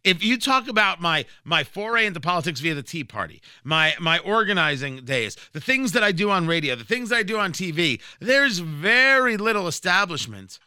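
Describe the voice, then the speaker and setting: Combative talk-radio man, bright high voice. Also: big pitch swings, normal speed, hardly any pauses, clear, resonant tone, no room sound, clean studio sound. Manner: combative, emphatic, sarcastic asides. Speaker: political radio host. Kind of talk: opinionated political commentary.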